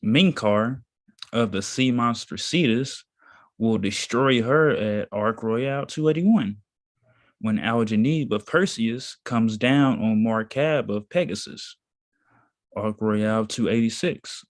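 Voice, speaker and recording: A man reading a text aloud slowly and deliberately, pausing now and then to comment. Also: medium pitch. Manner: slow, deliberate reading with pauses. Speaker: reader in a study session.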